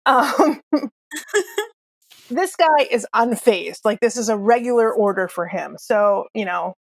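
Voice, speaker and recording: A woman's voice: a little high, takes it slowly, creaky, no room sound. A woman narrating as game master of a tabletop game, chatty with frequent laughs and fillers.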